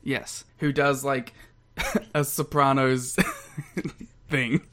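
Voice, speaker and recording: A man, co-hosting a podcast in casual chat, lively and quick to laugh as he rambles through stories. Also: mid-range voice. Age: 20s. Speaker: podcast co-host.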